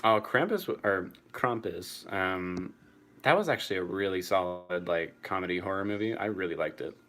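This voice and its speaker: A man's voice: low-pitched, lively intonation, moderate pace, fairly bright tone. A young man answering chat casually on a live stream, swearing freely and laughing often.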